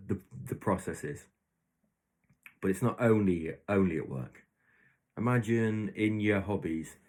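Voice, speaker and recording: On his own podcast, a low-voiced, slightly mellow man delivers a casual monologue alone. He drifts through hypothetical stories, correcting himself as he goes.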